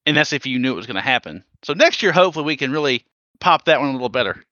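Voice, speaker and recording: A man co-hosting a gaming podcast in casual chat, animated and rambling, laughing often. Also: mid-range voice, racing, no echo, lo-fi sound. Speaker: podcast co-host.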